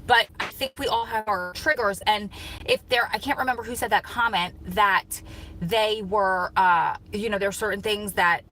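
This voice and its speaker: A woman's voice: mid-range voice, steady tone, normal speed, bright, forceful tone, low-quality recording. Earnest woman hosting a heartfelt live chat. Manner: earnest, heartfelt, talks through tears at times. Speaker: YouTube host reading live chat. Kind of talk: emotional casual live chat.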